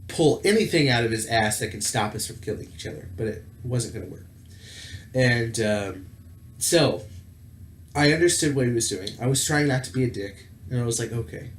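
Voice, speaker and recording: Man rambling through a story in an echoey room. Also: medium pitch. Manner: rambling, with many fillers and self-corrections. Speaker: tabletop gaming channel host. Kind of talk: casual storytelling monologue. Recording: roomy echo with faint background noise.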